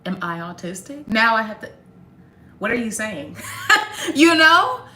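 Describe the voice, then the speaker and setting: A young woman chatting casually to viewers on a livestream, sarcastic and quick to laugh. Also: fairly high pitch, sing-song, sharp tone, echoey room. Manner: sarcastic, laughs often, talks straight to viewers. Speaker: livestream host.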